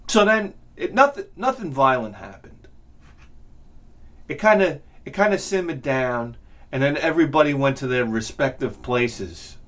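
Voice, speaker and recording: A man's voice: medium pitch, animated, unhurried, fairly bright tone. A man hosting his show, telling a profane story in a casual rant and laughing along with it. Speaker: host.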